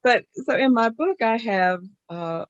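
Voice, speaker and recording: A woman mystery author on a panel, speaking in an unhurried, thoughtful way with frequent fillers. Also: fairly high pitch, lively intonation, dry recording, dull audio. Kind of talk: casual panel discussion.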